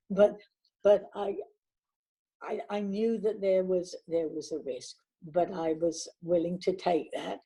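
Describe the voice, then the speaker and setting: An older woman, a veteran actress, chatting warmly in an interview and telling anecdotes from her career. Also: fairly low pitch, flat delivery, slow, breathy edge, poor audio. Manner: warm anecdotal, chatty with restarts. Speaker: actress guest. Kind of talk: reminiscing interview talk.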